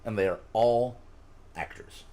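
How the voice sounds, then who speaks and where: A man's voice: lowish voice, unhurried, mellow. A man hosting a casual chat with friends, explaining a list in a chatty way and swearing now and then. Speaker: podcast host.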